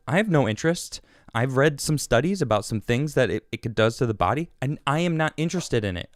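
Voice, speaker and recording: Animated sarcastic man on a podcast. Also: medium pitch, no room sound, clean studio sound. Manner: sarcastic, animated, reads quotes aloud and mocks them. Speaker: podcast host. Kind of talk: casual commentary on news clips.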